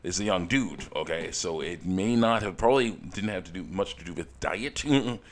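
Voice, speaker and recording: A man with a very low voice rambles through a story from work, starting sentences over and laughing softly as he goes. He breaks into quick voices for the people in it, then drops back into easy chat. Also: expressive. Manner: rambling, many restarts and chuckles, acts out quoted voices. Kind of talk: casual storytelling while working on a game mod.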